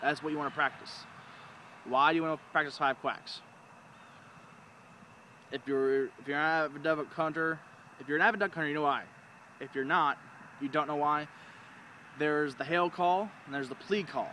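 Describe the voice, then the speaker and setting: Man, informal hobby instructor, slightly high voice, rambling delivery; outdoor recording with cars passing loudly. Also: steady tone, moderate pace, long pauses, a little hiss or hum. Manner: rambling, informal, demonstrates calls with sounds. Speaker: duck calling instructor. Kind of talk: casual how-to video.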